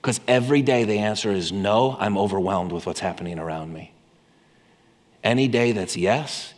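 A man preaching a sermon with impassioned delivery, swinging between loud emphasis and quiet intensity. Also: fairly low pitch. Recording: long hall reverb.

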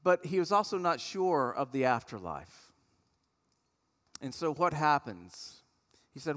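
A pastor preaches in a relaxed, conversational way, and his fairly high voice carries a long reverb through a large hall. He tells the story as if he were talking with the room. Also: measured pace, long pauses. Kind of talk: sermon.

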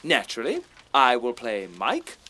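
A bossy, self-important director with a posh English accent in a radio comedy. He lectures everyone in a lofty tone, and his pitch rises and falls widely. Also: wildly swooping pitch, measured pace, bright, forceful tone, breathy edge, heavily acted. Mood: pompous. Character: pompous, bossy middle-aged male director. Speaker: amateur theatre director.

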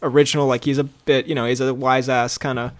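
A young man co-hosting a casual podcast, animated and laughing often, with bursts of mock outrage. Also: medium pitch, quick pace. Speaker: podcast co-host. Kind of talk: casual chat.

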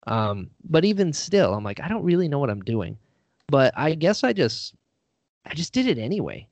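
A man's voice: a little high, very animated, normal speed, a little mellow, no room sound. Chatty man with muffled sound. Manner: rambling, self-deprecating, many fillers and "like". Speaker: guest, actor and writer. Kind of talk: casual interview talk.

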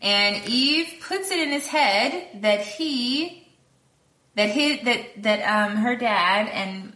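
A woman's voice: a little high, animated, takes it slowly, sharp tone. A woman co-hosting a podcast, recapping a film plot casually in a rambling way, full of fillers and acted-out quotes. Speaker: podcast co-host. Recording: echoey room.

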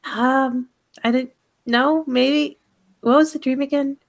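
A woman's voice: high-pitched, fairly even intonation, slow pace. A woman playing a skeleton in a tabletop game, hesitant and giggly. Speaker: player.

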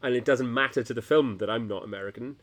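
A man's voice: medium pitch, quick pace, a bit bright. Dry, sardonic British man. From Britain. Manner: dry, sardonic, swears casually. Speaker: podcast co-host. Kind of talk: casual chat.

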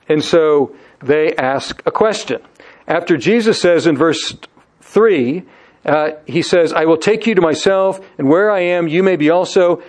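Brief: male pastor, slightly higher voice, measured sermon delivery, slows down on key words. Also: a little mellow.

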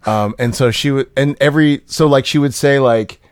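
A man with a middle-pitched voice chats casually on a podcast, telling long anecdotes and stopping often with "like" and "um." The sound is close and dry, with no room around it. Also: no room sound. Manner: chatty storyteller, halting with fillers. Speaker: podcast co-host. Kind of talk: casual chat.

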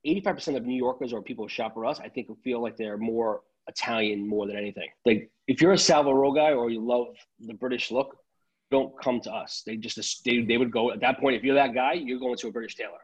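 A man's voice: medium pitch, fast, husky, muffled recording. A man, a tailor chatting casually on a podcast, rambling and restarting his sentences.

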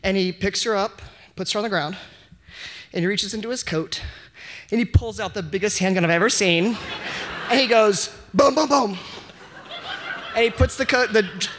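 A man telling an unscripted story at a live event, animated and self-mocking, often breaking into laughs. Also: sits high, brisk, long pauses. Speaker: audience member telling a story. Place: live event before an audience.

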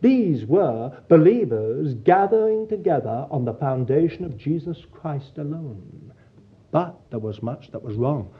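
Husky preacher, dull old tape. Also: male voice, fairly high pitch, lively intonation, unhurried. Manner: earnest, pastoral, addresses listeners as dear child of God. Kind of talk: sermon.

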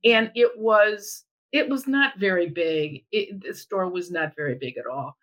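A woman's voice: medium pitch, a little slow, low-quality recording. A middle-aged woman telling a personal story in casual chat, acting out what people said. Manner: animated, acts out quoted voices. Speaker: storyteller guest.

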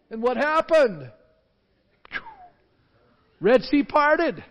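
A man preaching a sermon as pastor, animated and acting out the voices of panicked crowds. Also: extremely high pitch, extremely slow, long pauses. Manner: animated, acts out shouting crowds. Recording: dull sound with long hall reverb.

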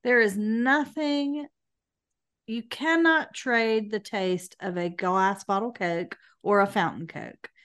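A woman co-hosting a casual podcast. She talks in a chatty, playful way, with dry sarcasm about herself. Her voice sits in an ordinary middle pitch. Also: takes it slowly, a bit bright, clear, resonant tone. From American South. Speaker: podcast co-host. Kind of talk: casual chat.

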